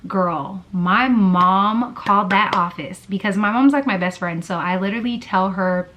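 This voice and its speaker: A woman's voice: mid-range voice, moderate pace, fairly bright tone, slight background noise. A woman vlogger telling a personal story in a casual, chatty way, full of fillers and blunt swearing. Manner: chatty, lots of "like" and "girl", swears freely.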